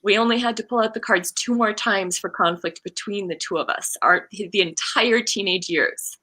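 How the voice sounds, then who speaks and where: A woman's voice: mid-range voice, moderate pace, sharp tone. A woman in her forties, a coach, telling a heartfelt personal story in an interview and acting out the quoted lines. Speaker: guest, coach and card game creator.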